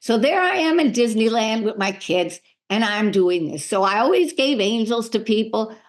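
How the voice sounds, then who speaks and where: Middle-aged woman, a medium, chatting in an interview, bit high-pitched, does the voices in her stories. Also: expressive, normal speed. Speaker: medium and spiritual healer, guest. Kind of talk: storytelling in a podcast interview.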